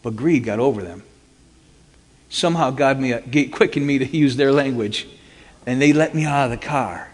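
A man recounts a dramatic personal story, switching into animated voices for the people in it. His voice sits at a middling pitch, and the long reverb of a large hall trails after each phrase. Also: moderate pace. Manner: animated, acts out quoted dialogue. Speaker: speaker giving a personal testimony.

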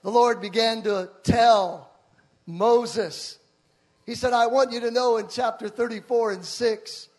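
A pastor preaching a sermon to a church, often shouting out with passion. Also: male voice, very high voice, measured pace.

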